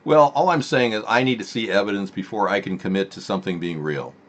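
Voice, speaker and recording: A man's voice: lowish voice, quick pace. A man hosting a live-stream political talk show in a rambling, sarcastic manner. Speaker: host.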